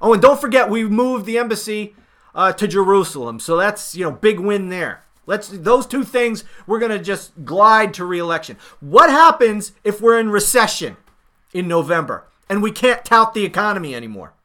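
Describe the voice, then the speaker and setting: A man hosting a political podcast, talking in a sarcastic, emphatic monologue with swings in loudness. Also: high voice, sing-song, normal speed. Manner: sarcastic, mocking paraphrases of others; emphatic, rising and falling loudness. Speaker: podcast host.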